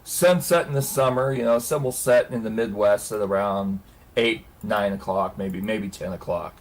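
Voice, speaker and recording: A man with a lowish voice spins a long story on a casual hangout stream at normal speed. He's an animated storyteller, laughing and cursing as he goes.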